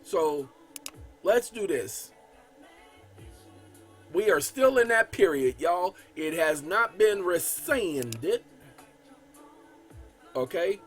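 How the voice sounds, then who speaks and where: A man's voice: high voice, big pitch swings, drawn-out words, long pauses, soft background music. A man hosting his own channel, casually explaining a legal document to viewers as he edits it on screen. He talks emphatically, calls his audience y'all, reads legal text aloud with stress on key words, and often stammers and restarts. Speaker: channel host.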